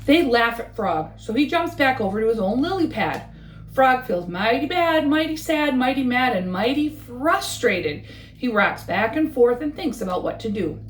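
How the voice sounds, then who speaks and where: Expressive woman reading a bedtime story. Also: fairly high pitch, normal speed, echoey room, a little hiss or hum. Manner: expressive, rhythmic.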